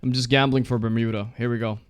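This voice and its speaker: A young man streaming live, chatting casually, reacting loudly and swearing often while he plays a guessing game. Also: medium pitch, flat delivery, fast talker, clear, resonant tone, dry recording, clean studio sound.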